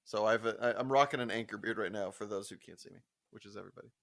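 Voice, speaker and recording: A man's voice: lowish voice, fast, gravelly. A young man co-hosting a podcast, telling work stories in casual chat, swearing freely and laughing as he acts out quotes. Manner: profane animated storyteller, laughs often, acts out quotes. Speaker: podcast co-host.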